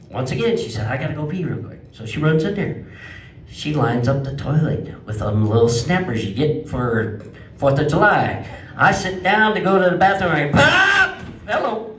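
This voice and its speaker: Folksy man in an echoey hall. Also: a little hiss or hum. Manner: folksy storyteller, voice jumps high for quoted outbursts. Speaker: stand-up comedian. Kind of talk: stand-up comedy set. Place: legion hall stage before a live audience. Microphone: handheld microphone, picked up from some distance. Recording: echoey hall, mic at a distance.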